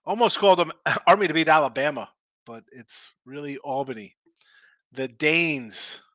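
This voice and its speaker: A worn-out man rambles through a betting stream, laid-back and slangy, his voice bright and forward. The sound is close and dry, with no room around it. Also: on the high side, normal speed, no room sound. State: tired, yawning, injured arm. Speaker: sports betting show host. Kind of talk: casual live-stream chat reading viewer comments.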